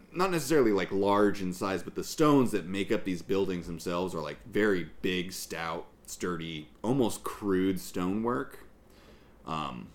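A man narrates a tabletop game as its game master, pausing and restarting as he builds the scene. His voice sits deep and low. He takes his time over every sentence. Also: a little hiss or hum. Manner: halting, full of fillers and restarts.

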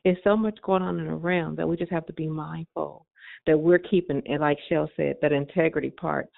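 Creaky-voiced woman on a phone line. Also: low voice, steady tone, brisk, no room sound. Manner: earnest, repeats for emphasis. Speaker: caller on a prayer line. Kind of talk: heartfelt testimony. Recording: phone-line call audio.

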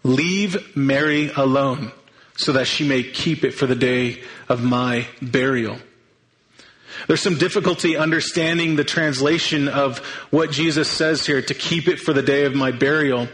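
Guy giving a sermon, kinda high voice, earnest, restarts his sentences a lot. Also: fairly bright tone, low-quality recording. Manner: earnest, thinking aloud with restarts. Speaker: pastor.

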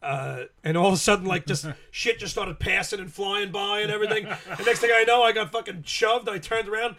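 Fast, bright-voiced man telling rowdy stories. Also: sits high. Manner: profane, rambling, laughing storyteller. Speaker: podcast guest. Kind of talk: casual storytelling.

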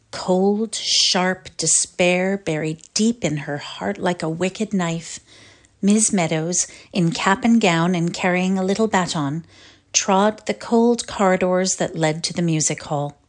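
Woman reader, literary short story, expressive, deliberate pacing. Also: lowish voice. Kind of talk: dramatic literary reading.

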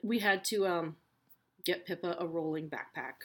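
Chatty mother, lowish voice. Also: moderate pace, fairly bright tone. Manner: chatty, candid, swears freely. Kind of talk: casual personal chat.

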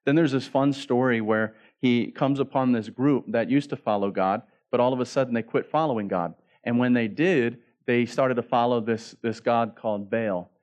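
A man's voice: mid-range voice, moderate pace, few pauses, darkish tone. A man pastor preaching a sermon in a casual, joking way, acting out the story as he goes. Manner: casual, joking preacher who acts out the story in quoted voices.

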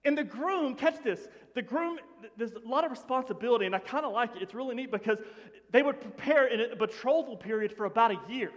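A man preaching a sermon to his congregation in an animated, conversational way, often dropping to a hush. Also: very high voice, a little fast. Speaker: pastor. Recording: long hall reverb.

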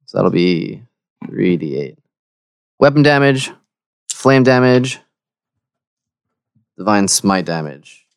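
A man's voice: fairly low pitch, slow, vocal fry, long pauses, clean tone, dry recording, clean studio sound. A man playing a tabletop game in casual chat, adding up his damage rolls aloud. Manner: relaxed, counts damage aloud. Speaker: player.

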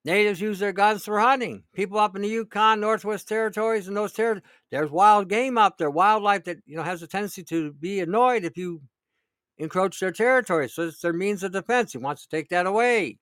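A man's voice: sits high, fairly quick, fairly bright tone, clear, resonant tone, no echo, clean studio sound. A middle-aged man, ranting about politics in a sarcastic, indignant way, often laughing and repeating himself. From Canada. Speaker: vlogger. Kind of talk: political rant.

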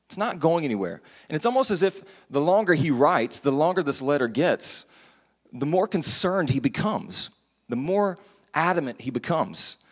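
In a church sanctuary full of long hall reverb, a pastor preaches a sermon that feels earnest and conversational, restarting his words often. His male voice is a little high and sing-song, with a breathy edge and normal speed.

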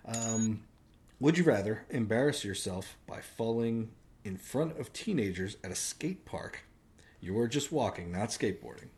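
A man leads a casual podcast conversation, quizzing his co-hosts and laughing easily. His voice rises and falls in a very lively way. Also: fairly low pitch, moderate pace. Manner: quizzes the others, laughs often. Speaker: podcast host.

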